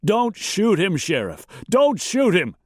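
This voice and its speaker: A terrified, wounded carpetbagger gasps out his pleas in a shrill, strained voice, as a man puts him on. The voice sits far above a man's usual range. This is western audiobook narration recorded dry and close. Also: wildly swooping pitch, slow pace, no echo, heavily acted. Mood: panicked pleading. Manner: gasping, shrill and panicked.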